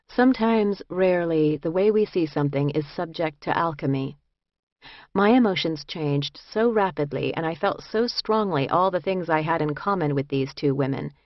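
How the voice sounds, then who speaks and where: Low-pitched woman reading her memoir aloud, wry and measured; dull, slightly lo-fi sound. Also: no room sound. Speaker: audiobook narrator. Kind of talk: first-person memoir reading. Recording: dull, slightly lo-fi dry recording.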